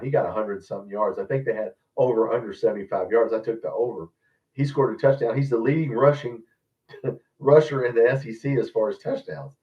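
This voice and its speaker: A man's voice: fairly low pitch, far from the mic. Blunt rambling man, off-mic and muffled. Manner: blunt, rambling, addresses viewers as guys. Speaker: fan channel host. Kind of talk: live-stream sports commentary, casual rant.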